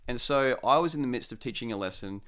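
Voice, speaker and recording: Young Aussie male co-host, animated storyteller, laughs a lot. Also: mid-range voice, quick pace, clean tone. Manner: animated, laughs often while telling stories. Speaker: podcast co-host telling stories. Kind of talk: casual storytelling chat.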